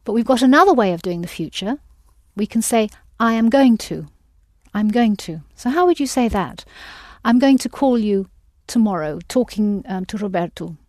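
A woman's voice: medium pitch, expressive, normal speed, a little mellow, no room sound. Woman, language teacher, patient, prompting students, dry close sound. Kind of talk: audio language lesson.

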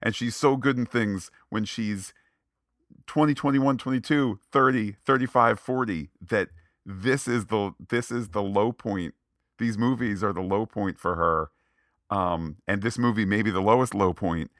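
A man's voice: on the low side, a little slow, no room sound, studio quality. A man co-hosting a movie podcast, chatting casually and acting out quoted lines. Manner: animated, acts out quoted lines. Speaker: podcast co-host. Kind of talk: casual movie review chat.

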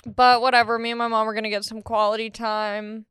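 Young woman rambling on her podcast, kinda high voice, super dry and close. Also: level tone, fairly quick, fairly bright tone, clear, resonant tone, no room sound. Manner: rambling, self-deprecating, jokey. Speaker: podcast host. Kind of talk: casual monologue.

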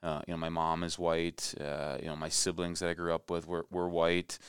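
A young man from Minnesota, a former athlete, talking as a guest in a relaxed interview with many restarts. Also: sits low, normal speed, clear, resonant tone, dry recording, studio quality. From Minnesota, USA. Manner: animated storyteller, many restarts and fillers. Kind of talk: conversational interview.

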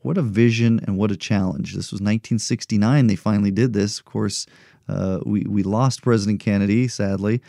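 A middle-aged man with a low, warm-toned voice delivers a motivational podcast monologue. He speaks earnestly and encouragingly and keeps returning to rhetorical questions. The sound is dry and close. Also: fairly even intonation, brisk, creaky, no room sound. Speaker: podcast host.

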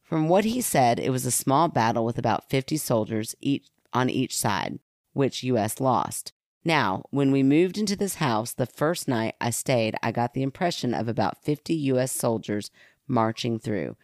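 A woman's voice: very deep voice, animated, normal speed, darkish tone, dry recording, studio quality. A woman co-hosting a casual podcast, reading listener stories aloud and teasing her co-host with a playful, laughing manner.

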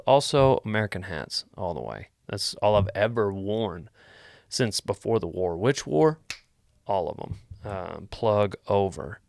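Guy hosting a vlog, low voice, deadpan jokes, wanders off on tangents. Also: no room sound, clean studio sound. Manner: joking, deadpan, wandering asides. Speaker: vlog host answering viewer questions. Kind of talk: casual rambling chat.

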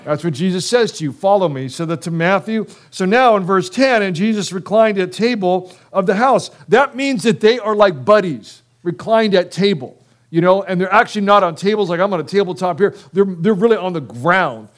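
A male pastor preaching a sermon in an animated, conversational way, acting out biblical dialogue and using casual slang. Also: high voice. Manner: casual slang, quick bursts.

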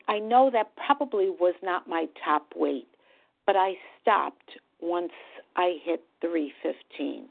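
A middle-aged woman sharing her personal recovery story at a meeting, talking in a halting, earnest way. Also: lowish voice, gravelly. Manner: slow, halting, earnest, with pauses and restarts. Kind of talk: personal testimony at a support meeting. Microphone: phone call. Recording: tinny phone line.

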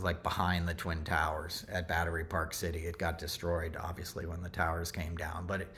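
A man's voice: fairly low pitch, a bit bright. A middle-aged man hosting a podcast, telling a story in a loose, rambling way with plenty of asides and self-corrections. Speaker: podcast host. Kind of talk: casual storytelling monologue.

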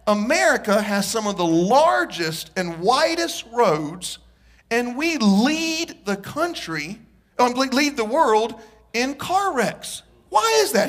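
A man preaching a sermon to his congregation, joking and telling stories as he goes. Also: very high voice. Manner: animated, joking storyteller with the congregation. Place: church.

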